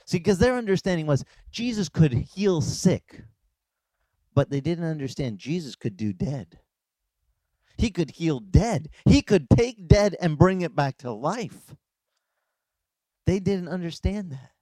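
A male pastor giving a conversational, animated sermon and acting out dialogues. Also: on the high side, a little slow, long pauses, no room sound. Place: beach church service, outdoors.

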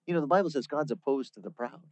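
A man preaching a sermon, teaching through a Bible passage in a lively, conversational way. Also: on the high side, quick pace, no room sound. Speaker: pastor.

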